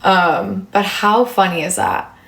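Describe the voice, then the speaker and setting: Hosting a livestream, a woman in her thirties answers incoming viewer comments in a loose, filler-heavy way. She speaks slowly at a middle pitch, her voice slightly bright with vocal fry, in an echoey room.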